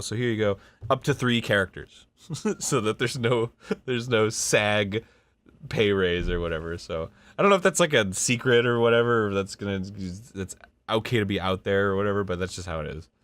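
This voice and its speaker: A man's voice: sits low, a little fast, fairly bright tone, smooth. A man in his thirties telling a casual, rambling story about his voice work, often breaking off mid-sentence and swearing. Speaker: voice actor and show host.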